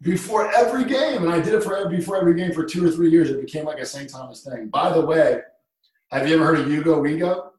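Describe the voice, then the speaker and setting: A man who was a dean of students, telling stories in a casual chat, animated and swinging from hushed tones to loud bursts. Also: a little high, fast talker. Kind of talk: casual storytelling in conversation. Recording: echoey room, distant mic.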